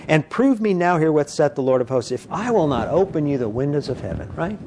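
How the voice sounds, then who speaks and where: A man preaching a conversational sermon, animated and full of "you know", acting out quoted voices. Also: fast, hardly any pauses, a little hiss or hum. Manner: animated, acts out quoted voices with big pitch jumps.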